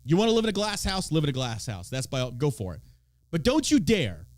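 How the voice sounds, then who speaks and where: A man's voice: a little high, huge pitch swings, a little fast, dry recording. A man from Texas hosting a podcast, ranting about politics in a mocking, profane way and swearing freely. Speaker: podcast host.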